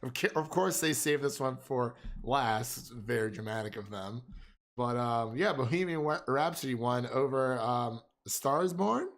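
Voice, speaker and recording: A young man hosting a casual film chat, animated and rambling, laughing often. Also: medium pitch, normal speed. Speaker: film podcast host.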